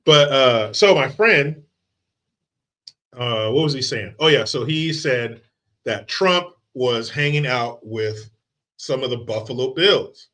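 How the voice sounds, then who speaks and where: Bright-voiced man ranting profanely. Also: mid-range voice, slow. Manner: profane, mocking, animated ranting. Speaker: livestream host. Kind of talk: casual ranting commentary.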